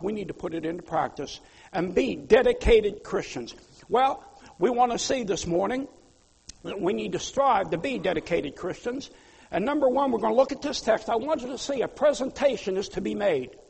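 A pastor delivers a sermon in a high, gravelly voice with a husky edge, swelling into loud pleas before dropping to quiet asides. Every phrase trails off into a long hall reverb.

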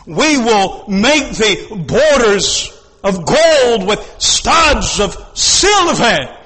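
A man preaching a fervent sermon in a high, bright voice. He takes his time and drops to near-hushed tones before building to ringing shouts. Everything trails off in a long, echoing reverb. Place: church service.

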